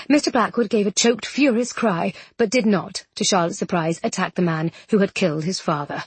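Slightly husky woman narrating a story. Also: mid-range voice, a little fast, hardly any pauses, no room sound. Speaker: audiobook narrator. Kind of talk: scripted narration.

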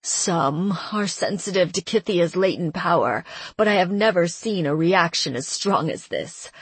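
A woman's voice: on the low side, animated, measured pace, slightly rough, no echo. A woman voicing a stern old man who gives urgent orders, in an audiobook. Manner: urgent, commanding.

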